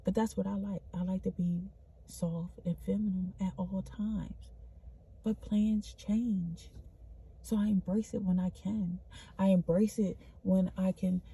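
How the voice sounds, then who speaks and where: A woman's voice: medium pitch, steady tone, unhurried, creaky, mellow, slightly rough. A woman vlogging an earnest, spiritual pep talk, repeating herself and calling the listener honey. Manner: spontaneous, loose restarts. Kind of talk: spiritual motivational monologue.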